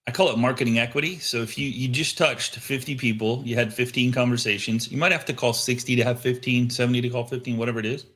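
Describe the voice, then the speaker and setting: A man hosting a live show, coaching listeners on sales outreach and telling lively stories of his phone calls. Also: mid-range voice, fast, hardly any pauses. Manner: animated storyteller acting out phone calls. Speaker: host. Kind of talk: casual coaching talk. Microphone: headset microphone.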